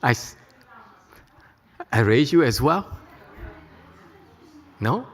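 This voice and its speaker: A man's voice: medium pitch, sing-song, extremely slow, big-room sound. A man teaching at a temple, giving a Buddhist lecture to an audience, joking and checking they follow. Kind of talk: dharma lecture.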